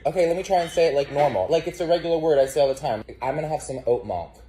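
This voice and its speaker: A man's voice: fairly high pitch, rapid-fire, mellow, reverberant. A young man chatting casually on camera, playfully indignant and theatrical as he picks apart a brand name. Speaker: comedy video creator. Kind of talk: casual comic chat.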